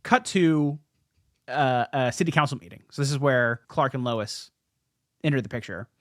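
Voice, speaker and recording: A young man hosting a casual podcast, retelling old comic stories with lots of "like"s and quick restarts. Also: mid-range voice, no room sound, studio quality. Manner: animated storyteller, many "like"s and restarts. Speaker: podcast host. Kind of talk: casual comic-history chat.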